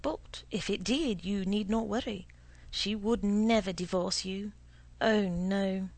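A woman's voice: mid-range voice, gravelly, darkish tone, dry recording. Woman voicing a sly old potion seller. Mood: knowing. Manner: slow, suave, insinuating.

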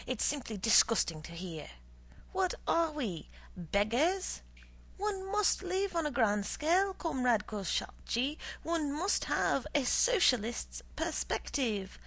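Pompous Soviet boss, put on by a woman, indignant, lecturing, gravelly. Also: high-pitched, sing-song, slow pace, a bit bright, exaggerated voice. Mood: grandiose.

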